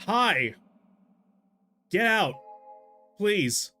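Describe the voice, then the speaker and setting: Lively high-voiced young man streaming games. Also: very slow, soft background music. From Texas, USA. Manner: chatty, laughs often, exclaims in disbelief. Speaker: game streamer. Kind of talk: casual live-stream commentary while gaming and reading chat.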